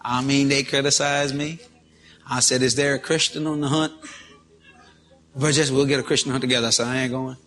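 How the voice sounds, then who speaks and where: A man preacher telling a story from the pulpit, animated and breaking into loud shouts of praise. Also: mid-range voice, fairly quick, pauses often. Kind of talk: storytelling sermon.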